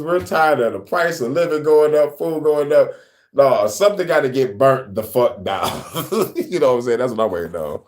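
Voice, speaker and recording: A man co-hosting a casual political talk show, laughing often and cursing heavily as he reacts. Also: mid-range voice. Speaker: podcast co-host. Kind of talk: casual profane political commentary.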